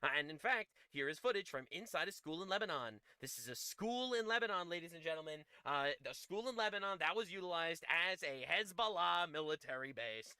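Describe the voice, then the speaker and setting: A man hosting a live stream, giving mocking commentary on clips with loud excited outbursts. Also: fairly high pitch, fairly quick, few pauses, clear, resonant tone, no echo.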